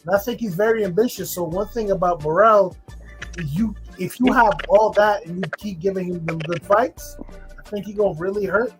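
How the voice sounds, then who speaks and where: A man's voice: sits high, fairly quick. Blunt man, music playing behind. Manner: blunt, tired, cursing banter. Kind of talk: casual boxing chat.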